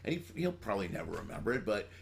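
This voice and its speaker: Fast-talking gravelly man, joking host. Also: on the low side, sing-song. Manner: fast-talking, quick to joke and swear. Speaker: podcast host. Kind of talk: casual chat.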